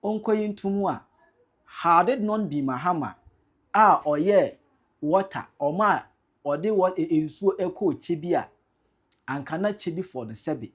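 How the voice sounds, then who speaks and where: A man's voice: high voice, expressive, measured pace. A man from Ghana, host of a blog channel, giving indignant commentary on a political clip and mixing Twi and English. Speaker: news commentator.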